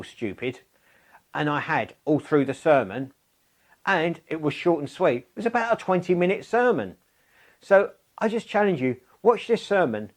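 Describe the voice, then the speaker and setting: A male preacher delivering a sermon in a plain, conversational manner, moving easily into storytelling. His voice sits a little higher than most men's. He sounds earnest and direct.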